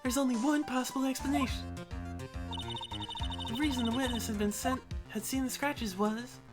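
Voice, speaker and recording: A woman voicing a confident young female defense attorney, reading her arguments firmly over loud game music. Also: high-pitched, steady tone, moderate pace, pitched above the performer's own voice, lightly acted. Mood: pressing.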